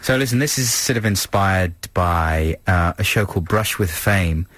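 A man's voice: low-pitched, lively intonation, normal speed, fairly bright tone, no echo. A British man co-hosting a radio show, chatting and joking in a playful way. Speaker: radio co-host. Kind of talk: casual radio banter.

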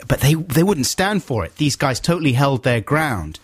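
A man hosting a radio show, telling an animated story in a casual chat. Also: mid-range voice, brisk, husky, dry recording. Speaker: radio host.

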